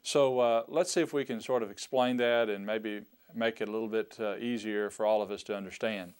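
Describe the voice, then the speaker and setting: A man teaching a recorded Greek lesson, speaking slowly and deliberately and repeating each word and meaning for his students. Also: fairly low pitch, steady tone, darkish tone, clear, resonant tone. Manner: slow, deliberate, repeats words for emphasis.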